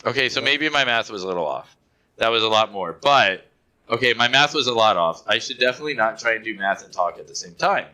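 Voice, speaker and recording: Animated, bright-voiced man teasing his co-hosts. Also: lowish voice, fast. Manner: playful, teasing, acts out others' excitement. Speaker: podcast co-host. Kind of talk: casual chat.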